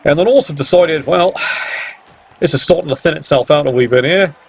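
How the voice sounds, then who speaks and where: A man's voice: a little high, moderate pace, creaky, breathy edge, soft background music. A man commentating a video game match in a sarcastic, teasing way. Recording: dull lo-fi mic with faint hiss.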